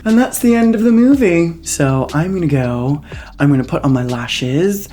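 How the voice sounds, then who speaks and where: A woman's voice: fairly low pitch, measured pace, mellow, soft background music. A young woman giving a casual, sarcastic movie review vlog, mocking and swearing freely. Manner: snarky, mocking, peppered with swearing and "like".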